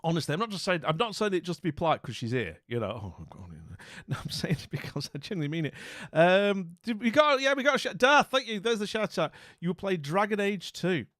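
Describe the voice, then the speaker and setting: A jovial man chats casually on his live stream, his voice sitting a touch high and rising into theatrical exclamations as he greets viewers. The sound is dry and close, with faint music underneath. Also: big pitch swings, brisk, fairly bright tone, dry recording. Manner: rambling, friendly greetings to chat.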